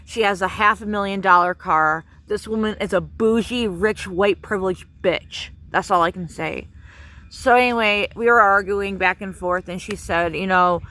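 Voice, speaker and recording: Brief: woman vlogger, bright and sharp voice, heated rambling rant with lots of swearing. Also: medium pitch, moderate pace. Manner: angry, profane, many fillers. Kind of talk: casual spoken rant.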